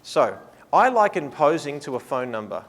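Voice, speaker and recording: Man, workshop presenter, fairly high voice, playful, reverberant hall sound. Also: normal speed. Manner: lively, playful, acts out clients' thoughts. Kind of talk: live workshop teaching.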